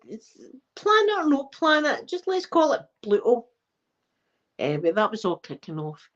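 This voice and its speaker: Chatty Scottish woman, rambling and animated. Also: on the low side, muffled recording. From Scotland. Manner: rambling, animated storytelling with swearing. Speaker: ASMR livestream host. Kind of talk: casual live-stream chat.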